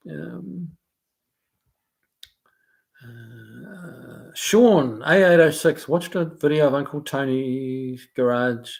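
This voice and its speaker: This live stream host from New Zealand has a mid-range voice with vocal fry and a darkish tone. Chatting casually, he reads the chat aloud and responds loosely, often filling gaps and restarting sentences.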